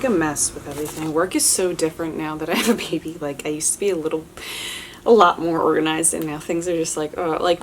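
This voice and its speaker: Low-voiced young woman rambling casually to camera, lots of likes and ums, a bit of hiss behind her. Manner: chatty, many fillers and restarts, candid. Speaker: vlogger answering viewer questions. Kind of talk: casual chat.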